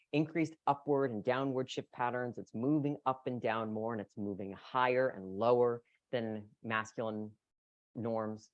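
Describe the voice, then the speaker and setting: A presenter lectures on voice training in an explanatory way, now and then demonstrating pitch patterns aloud. The voice sits at a middle pitch. The sound is dry, with no room echo. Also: a little mellow. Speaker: presenter at a voice care meeting.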